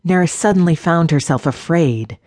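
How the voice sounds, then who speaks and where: A woman narrating a fantasy audiobook in a steady, measured storytelling manner. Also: low-pitched, no echo, studio quality.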